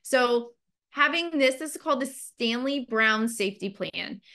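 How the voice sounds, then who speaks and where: A woman's voice: fairly high pitch, expressive, measured pace, sharp tone. Casual woman counselor leading a webinar. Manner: informal, talks with fillers like "like" and "you know". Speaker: mental health counselor leading a training webinar. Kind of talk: conversational training talk.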